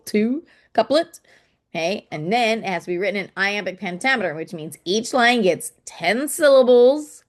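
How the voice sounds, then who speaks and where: A woman explaining poetry to children in a casual teaching manner, often checking in with "okay?" and tapping out rhythms aloud. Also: medium pitch.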